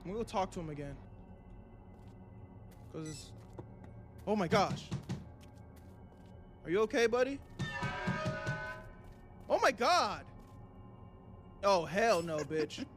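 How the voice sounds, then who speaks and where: High-voiced, jumpy young male streamer. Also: a little slow, pauses often, over music. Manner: panicky, excitable, swears often, repeats himself. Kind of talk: live game commentary.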